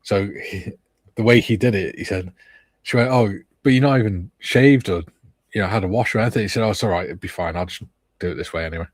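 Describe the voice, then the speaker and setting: A man's voice: fairly low pitch, fast, slightly rough, no room sound. A man hosting a live chat stream, easygoing and casually reading out viewers' comments. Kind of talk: casual chat while painting models.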